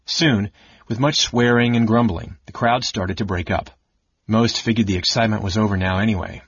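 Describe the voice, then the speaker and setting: A man reading an audiobook in a steady, measured way, his low voice slightly husky. The recording is dry and dull. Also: no room sound. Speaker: narrator.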